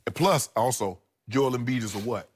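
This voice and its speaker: A middle-aged man co-hosting a sports debate show, arguing emphatically and repeating points slowly for effect. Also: medium pitch, husky.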